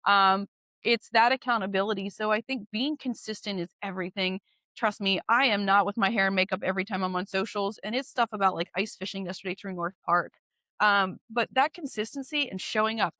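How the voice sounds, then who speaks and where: A woman's voice: medium pitch, a little fast, sharp tone, dry recording. A woman real estate agent chatting as an interview guest, candid and driven, laughing easily as she talks. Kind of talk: casual interview chat.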